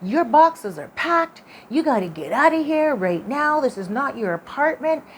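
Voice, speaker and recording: A woman voicing a restless female ghost in an old Puritan-style dress, speaking in a rushed, raspy half-whisper. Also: sits high, big pitch swings, a little hiss or hum, pitched above the performer's own voice. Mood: urgent.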